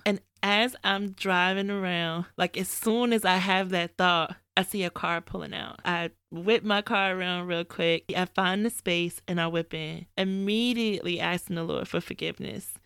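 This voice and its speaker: A woman hosting a faith podcast, telling a personal story in a candid, animated way and quoting her own asides. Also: on the low side, normal speed, vocal fry, hardly any pauses, clear, resonant tone, no echo, studio quality. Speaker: podcast host. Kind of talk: casual faith talk, storytelling.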